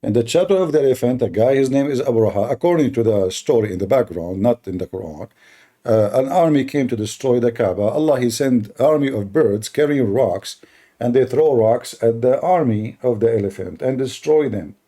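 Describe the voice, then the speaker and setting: A man hosting a heated live-stream debate, mocking and combative, speaking as a with halting restarts. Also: medium pitch, lively intonation, mellow. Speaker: livestream debate host.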